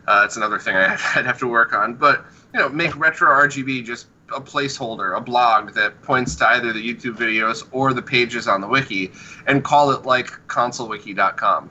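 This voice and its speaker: A man's voice: mid-range voice, fairly quick, pushed and bright, highs cut off, slight background noise. A man hosting a podcast in casual chat, laughing often and swearing casually. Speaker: podcast host.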